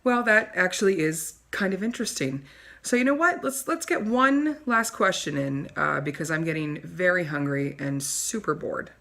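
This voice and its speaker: Woman putting on a shrill, rude, vain female chat-show host for a comedy sketch. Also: lively intonation, normal speed, gravelly, pushed and bright, exaggerated voice. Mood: bored. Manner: snooty, insulting, showy.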